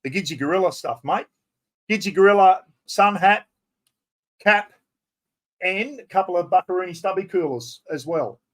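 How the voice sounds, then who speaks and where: A man in his fifties with an Australian accent, excitedly hosting a chatty live stream giveaway and poking fun at himself. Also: high-pitched, normal speed, pauses often. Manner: excitable, chatty, self-mocking.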